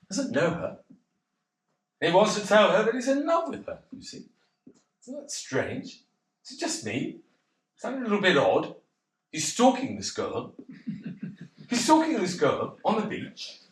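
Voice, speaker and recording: A man's voice: high voice, a bit bright, distant mic, full character voice. An actor playing a nervous, rambling male cocktail pianist who stammers and giggles on stage. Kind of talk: stage play acting. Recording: roomy sound heard from afar.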